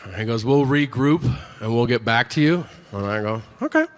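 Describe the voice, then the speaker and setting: A middle-aged comedian delivers a profane stand-up set on stage, speaking expressively at a moderate pace. He plays both sides of dialogues using low voices. Recorded live at the comedy venue, the audio has long reverb and faint room noise.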